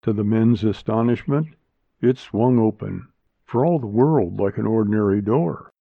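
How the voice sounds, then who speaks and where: A man reading a story aloud as narrator in a measured, steady manner, in a tinny, phone-like recording. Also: on the low side, vocal fry, no echo. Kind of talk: audiobook reading. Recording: tinny phone-like dry sound.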